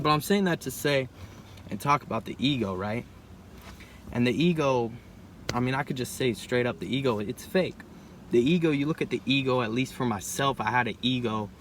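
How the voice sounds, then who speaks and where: Young guy vlogging, rambly and chill, keeps saying bro and right, mid pitch, bit of hiss. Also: fairly bright tone. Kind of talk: casual reflective monologue.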